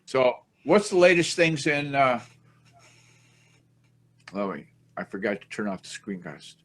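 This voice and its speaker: With a mid-range, somewhat bright voice that is very animated yet measured in pace, a podcast host rambles through casual chat. He keeps mocking himself as he talks.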